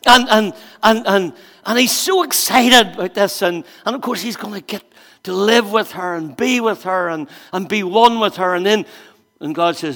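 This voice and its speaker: High-voiced storytelling pastor in a reverberant hall. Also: male voice, animated, moderate pace. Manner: storytelling with acted-out voices, swings between quiet asides and loud emphatic bursts. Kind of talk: sermon.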